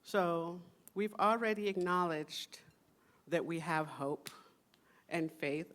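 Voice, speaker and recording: Slow, soft-spoken woman minister. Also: mid-range voice. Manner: slow, soft, meditative delivery with playful asides. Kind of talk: sermon. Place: church sanctuary with congregation.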